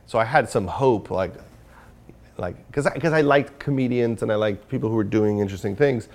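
A man's voice: lowish voice, normal speed, a little mellow. A man talking candidly in an interview as the guest, rambling with many fillers and restarts. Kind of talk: casual interview conversation.

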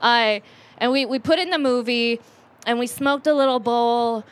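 A woman's voice: on the high side, moderate pace, smooth. A woman in her late twenties telling a rambling, self-mocking personal story at a live storytelling event, with many fillers and restarts.

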